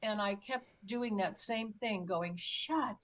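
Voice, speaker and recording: A woman's voice: mid-range voice, measured pace, a loud crowd. A middle-aged woman telling her own story as a guest on a talk show, emphatic, acting out her pleas. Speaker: guest recounting an experience. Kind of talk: conversational storytelling.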